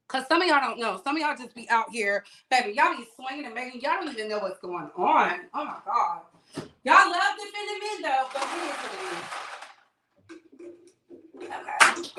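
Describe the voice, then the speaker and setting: A woman's voice: high-pitched, bright, forceful tone. A woman hosting a live-streamed gossip show, chatting casually and sassily while greeting viewers by name.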